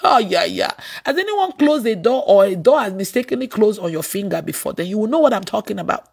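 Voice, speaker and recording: A woman preacher delivering an animated sermon, telling stories with bursts of laughter and sudden shouts. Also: medium pitch, fairly quick, gravelly, slightly rough.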